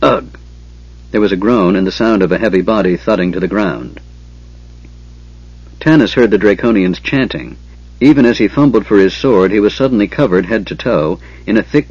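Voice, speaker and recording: A man narrating an audiobook with steady, measured storytelling. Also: lowish voice, breathy edge, dry recording, muffled recording.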